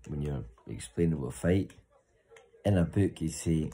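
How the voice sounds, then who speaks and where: Very deep-voiced man, sweary banter. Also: moderate pace, warm tone, husky, rough recording. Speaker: vlogger. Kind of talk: casual chat to camera.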